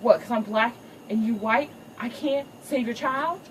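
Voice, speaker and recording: A woman's voice: on the high side, measured pace, recorded from a distance, a little hiss or hum, lightly acted, low-quality recording. A woman voicing a cocky young male lion outcast who talks in swaggering slang.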